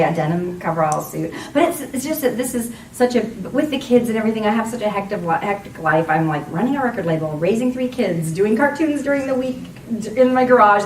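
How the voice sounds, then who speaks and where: A woman in her forties, a voice actress on a convention panel, talking in a chatty, rambling way and laughing often. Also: mid-range voice. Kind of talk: casual panel Q&A. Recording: roomy hall, distant from mic, faint noise.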